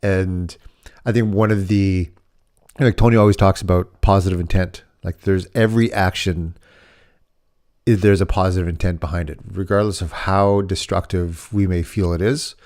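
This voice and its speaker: A man's voice: sits low, steady tone, normal speed, darkish tone. A man co-hosting a parenting podcast, telling a personal story in casual chat and acting out the dialogue. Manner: storytelling, acts out quoted dialogue. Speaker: podcast co-host.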